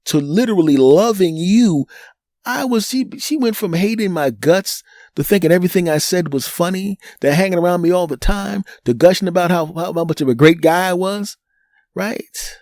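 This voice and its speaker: A man's voice: sits high, normal speed, no room sound, clean studio sound. A man with a Northeastern US accent hosting a solo podcast, telling a story animatedly and acting out the people in it. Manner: animated, acts out quoted people. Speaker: podcast host.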